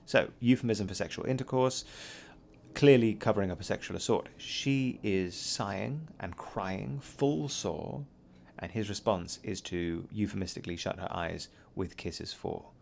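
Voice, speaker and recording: A male teacher talks through a poem line by line in a deep, low voice. His tone has a gravelly edge. He pauses often with ums and uhs as he explains. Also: a little mellow, a little hiss or hum. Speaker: English teacher. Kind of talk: recorded poetry lesson.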